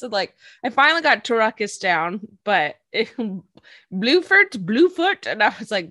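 On a podcast she co-hosts, a woman chats casually about an anime episode, often giggling and performing quotes in silly voices. Her slightly high, fairly bright voice swings widely in pitch at an unhurried pace, and the recording is dry.

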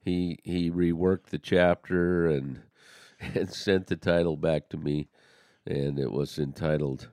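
Earnest deep-voiced man, halting. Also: steady tone, mellow, no echo, studio quality. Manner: earnest, halting with many restarts. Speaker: podcast co-host. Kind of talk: casual religious discussion.

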